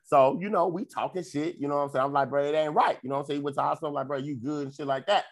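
A man's voice: a little high, fairly even intonation, racing. A man, telling a loose, profane weekend story on a podcast and slipping into quoted voices. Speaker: podcast co-host. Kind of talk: casual storytelling chat.

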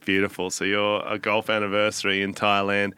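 A young man hosting a casual comedy podcast, with a bright, crisp, clean-edged voice. He is blunt, opinionated and quick to laugh. The sound is close and dry, with no room behind it. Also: on the low side, completely flat delivery, no room sound. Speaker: podcast co-host.

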